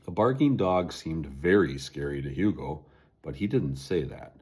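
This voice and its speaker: A man narrating a children's chapter book aloud, expressive reading. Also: a bass voice, normal speed, slightly rough. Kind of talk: storybook narration.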